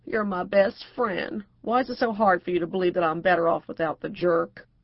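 A woman's voice: fairly low pitch, a little fast, no room sound, dull audio. A woman narrator voicing a brassy, outspoken middle-aged divorcée who talks bluntly and crudely.

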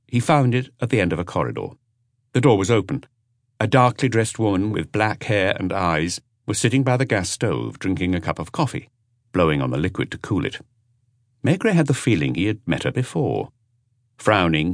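A male narrator reading a novel aloud with expressive storytelling. His very deep voice moves a lot in pitch. The recording is dry and close to the mic. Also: dry recording. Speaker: audiobook narrator. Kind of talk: scripted narration.

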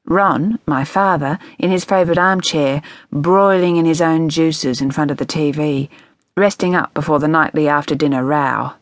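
A woman narrates an audiobook, measured and quietly wry. Her voice sits low for a woman. It is recorded on a close studio mic with a very dry sound. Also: no echo.

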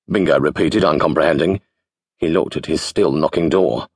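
Low, husky man narrating dryly. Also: fairly quick, no room sound. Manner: dry, deadpan asides. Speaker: audiobook narrator. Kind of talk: scripted comic narration. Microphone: close studio mic.

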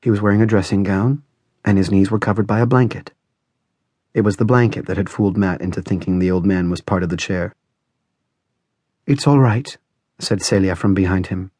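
A man narrates a novel in a measured, dramatic reading. His voice sits fairly low, and the recording is dry and close with no room sound. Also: flat delivery, a little mellow, no room sound. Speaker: audiobook narrator. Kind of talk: scripted narration.

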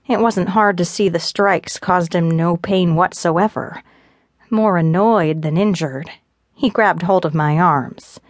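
A woman narrating a first-person romance audiobook in a steady, measured way on a close studio mic. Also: lowish voice, no room sound.

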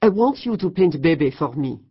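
A woman's voice: low-pitched, very animated, moderate pace, breathy edge, dull audio, exaggerated voice. A woman voicing an imperious French woman in her late fifties, blunt and unimpressed, in an audiobook. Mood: haughty.

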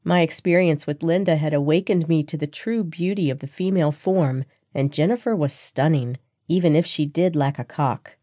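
Mellow, low-voiced woman narrating. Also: moderate pace, hardly any pauses, dry recording, clean studio sound. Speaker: audiobook narrator. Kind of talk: first-person scripted narration.

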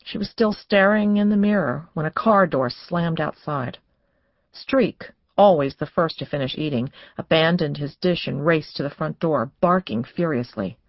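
A woman reading a suspense novel as audiobook narrator, in measured, tense storytelling. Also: sits low, no room sound, dull audio. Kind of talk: scripted narration.

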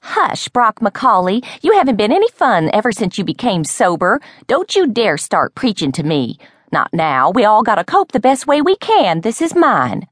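A woman's voice: mid-range voice, very animated, normal speed, no echo, clean studio sound, pitched above the performer's own voice. A woman voicing a dramatic, tipsy woman who drinks to cope, wailing and defiant.

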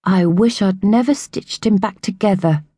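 A woman's voice: medium pitch, moderate pace, mellow, slightly rough, dry recording, lightly acted. A woman reading an audiobook, voicing a spirited tiny young girl with an indignant, emphatic way of talking. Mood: determined.

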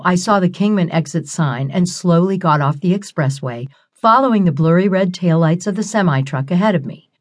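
A woman narrating a novel in the first person, in a wry, expressive storytelling manner. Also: on the low side. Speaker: audiobook narrator.

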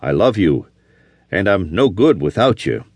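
A man's voice: low-pitched, big pitch swings, a little slow, darkish tone, slightly rough, no room sound, full character voice. A man playing a reckless, lovesick young frontier drifter who speaks bitterly and with passion. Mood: impassioned. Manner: bitter and impassioned.

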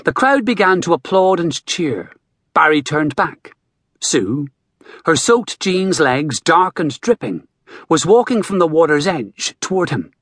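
A male audiobook narrator, reading with expressive storytelling. His slightly husky voice moves animatedly through its pitch, and the recording is dry and close. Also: measured pace, dry recording. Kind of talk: scripted narration.

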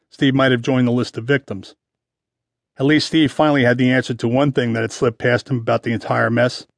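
A man's voice: medium pitch, no echo, clean studio sound. Man narrating a detective audiobook. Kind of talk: scripted narration.

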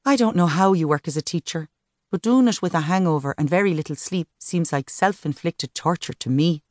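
A good-humoured young woman with a wry, teasing way of talking, as a woman narrator voices her. The voice is lowish and recorded dry and close. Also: a little fast, a little mellow, dry recording, natural voice. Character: warm, teasing young woman, best friend.

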